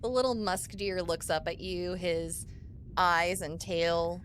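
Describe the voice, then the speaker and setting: A woman's voice: lowish voice, steady tone, slow pace, slight background noise. A woman running a tabletop game as game master, narrating the scene playfully.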